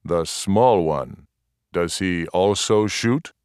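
A grave male chieftain, as a man reads him aloud, speaks in a deep, unhurried voice, each short sentence weighed and measured. The recording is dry and close, with no room around it. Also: darkish tone, smooth, no echo.

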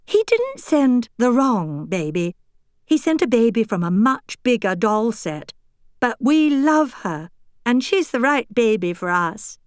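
A woman's voice: fairly high pitch, very animated, a little slow, no room sound, studio quality. A woman voicing an earnest, exclamatory young girl doll in a storybook.

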